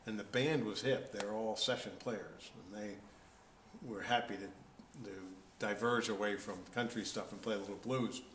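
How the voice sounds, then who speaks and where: A man's voice: lowish voice, steady tone, normal speed, fairly bright tone. A man being interviewed as a musician, telling stories in a casual way with wry, self-deprecating humor. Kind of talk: casual anecdotal storytelling. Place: event venue, indoors. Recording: roomy echo, faint background noise.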